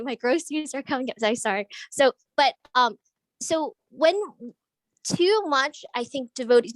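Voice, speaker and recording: Her voice is a little high, heard in a rough recording without room sound. She's an audience member in an online group discussion, earnestly working through a long question aloud, restarting while she gropes for words.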